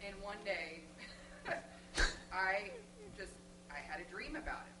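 A woman from the congregation telling a personal testimony, talkative and expressive. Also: mid-range voice, measured pace. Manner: chatty, expressive storytelling. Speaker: congregation member. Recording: echoey room, distant mic, loud background noise.

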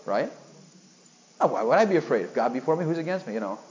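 A man's voice: medium pitch, very animated, fast talker, darkish tone, rough recording. A man preaching a sermon, emphatic and full of rhetorical questions aimed at his listeners.

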